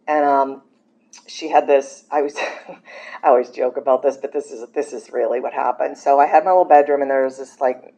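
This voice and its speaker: A middle-aged woman speaking to a recovery meeting, telling her story in a chatty, animated way, acting out what she said back then with lots of "like"s. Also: low voice, dull audio. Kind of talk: personal recovery talk at a meeting. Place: meeting room with low ceiling.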